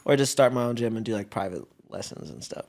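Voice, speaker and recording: A man's voice: on the low side, lively intonation, fast talker, gravelly, darkish tone. A young man from the United States, a guest athlete in a casual chat, telling stories in a laid-back, slang-heavy way with easy laughs.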